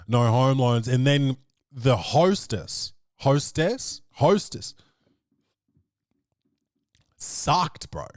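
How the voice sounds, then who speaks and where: A man hosting a comedy podcast, telling a story in an animated, ranting way full of swearing. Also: medium pitch, drawn-out words, long pauses, no room sound, studio quality. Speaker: podcast host. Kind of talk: comic storytelling.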